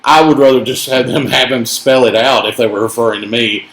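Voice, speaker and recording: A man's voice: medium pitch, fairly even intonation, brisk, a bit bright. A man from Tennessee with a mild Southern accent, hosting a casual card-break chat and joking as he calls out each card. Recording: echoey room.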